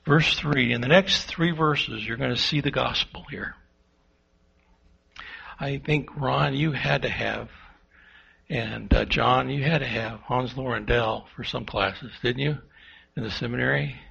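A man preaching a sermon, swinging between loud and hushed and asking the congregation rhetorical questions. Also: medium pitch, unhurried, creaky, husky. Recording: dull lo-fi sound.

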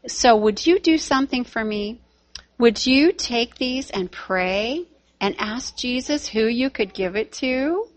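Slow-spoken woman teaching children. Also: fairly high pitch, expressive. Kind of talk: storytelling to children.

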